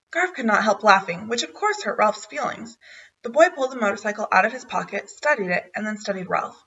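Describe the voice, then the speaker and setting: Woman reading a kids book out loud, bright voice, sounds a little far away and muffled. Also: mid-range voice, brisk. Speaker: narrator. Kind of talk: storybook read-aloud.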